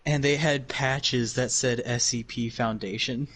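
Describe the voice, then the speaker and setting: A man's voice: medium pitch, fairly even intonation, a little slow, fairly bright tone, slightly rough. A man chatting casually while gaming, with dry teasing remarks.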